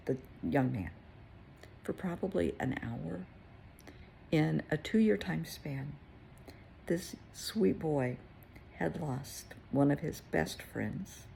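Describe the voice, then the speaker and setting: A woman therapist telling a client story in a casual, conversational way, with gentle emphasis. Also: sits low, slow pace, vocal fry, pauses often, a little hiss or hum.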